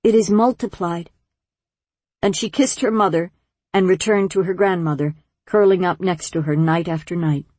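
A woman narrating an audiobook in a measured, gentle storytelling manner. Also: lowish voice, steady tone, dry recording. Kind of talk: scripted narration.

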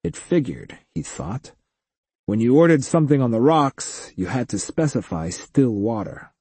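A man narrating a science-fiction audiobook with expressive storytelling. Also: mid-range voice, unhurried, husky, dry recording. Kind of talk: scripted narration.

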